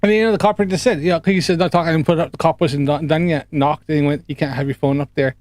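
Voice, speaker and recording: A man's voice: on the high side, steady tone, racing, a little mellow, no room sound, studio quality. Chatty, mocking man. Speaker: host. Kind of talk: casual reaction commentary.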